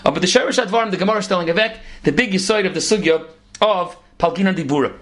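Fast-talking man teaching Talmud. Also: high-pitched. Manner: rapid, animated explaining with Hebrew and Yiddish terms mixed into English. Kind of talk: Talmud lecture.

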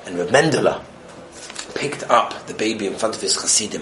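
A man giving a Torah lesson on the weekly portion, telling stories animatedly and moving between loud excitement and hushed tones. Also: fairly low pitch, fairly quick, slight background noise. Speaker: Torah teacher.

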